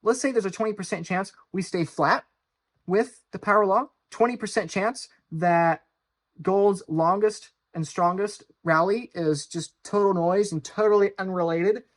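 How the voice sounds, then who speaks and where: A man hosting his own finance channel, speaking in an urgent, insistent monologue with piled-up repeated phrases, swinging between low, grave warnings and loud, mocking outbursts. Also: measured pace. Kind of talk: direct-to-camera monologue.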